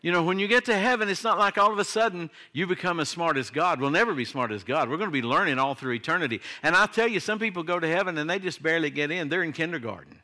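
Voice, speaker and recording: A man's voice: a little high, expressive, fast, few pauses, pushed and bright. An older man, a pastor delivering a sermon in a conversational style that swings into emphatic declarations.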